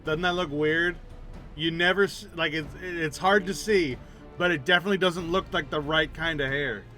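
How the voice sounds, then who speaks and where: A man's voice: fairly high pitch, moderate pace, bright, forceful tone, soft background music. A man streaming a game, talking casually with chatty, jokey asides. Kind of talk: casual gaming commentary.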